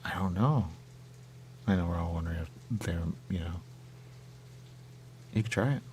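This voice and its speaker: A man's voice: sits low, moderate pace, a little mellow, a little hiss or hum. A man hosting a radio show, rambling and musing aloud in casual chat.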